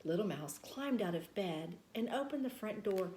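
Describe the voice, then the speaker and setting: A woman reading a children's story aloud, gentle and expressive. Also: mid-range voice, normal speed, few pauses. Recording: roomy echo.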